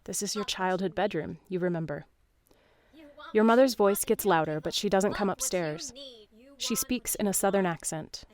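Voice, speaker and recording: Calm woman narrating a dream. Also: mid-range voice, moderate pace. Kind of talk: second-person scripted narration.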